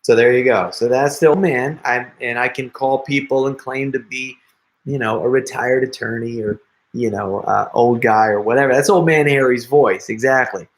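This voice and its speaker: A middle-aged man with a medium-pitched, steady voice talks at a normal speed. He's a prank video creator hosting a live stream, chatting casually with viewers and joking and laughing a lot.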